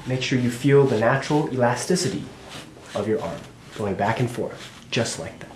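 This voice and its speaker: A man acting as a music instructor, calmly guiding a beginner step by step. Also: medium pitch, normal speed. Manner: calm, gently directive. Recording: roomy echo, distant mic, background hiss.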